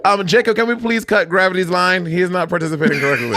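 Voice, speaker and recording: A man's voice: high-pitched, fast talker, a loud crowd. A man co-hosting a casual chat, talking in a playful, sassy way. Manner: expressive, playful sass. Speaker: podcast co-host.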